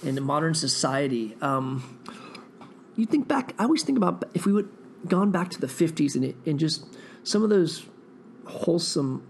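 Rambling, gravelly-voiced man. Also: a little high, animated, moderate pace, a little hiss or hum. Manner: profane, meandering, thinking aloud. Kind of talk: rambling monologue.

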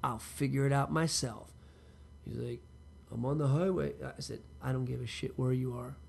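Gravelly-voiced man telling a profane story. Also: medium pitch, moderate pace, darkish tone, slight background noise. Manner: profane, talks straight to the listener, loose rambling asides. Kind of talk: casual personal storytelling monologue.

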